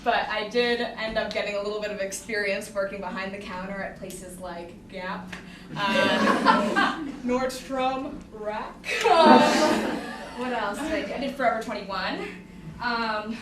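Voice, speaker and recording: A woman's voice: mid-range voice, measured pace, background noise. A young woman in her twenties performing a self-deprecating comic monologue on stage, rambling and laughing often. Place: theater stage with audience. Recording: echoey theater, mic far off.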